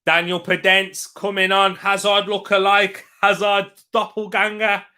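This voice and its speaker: Young male streamer, bright higher voice, excitable live football watch-along commentary. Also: unhurried, clean tone. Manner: excitable, reacting loudly to chances.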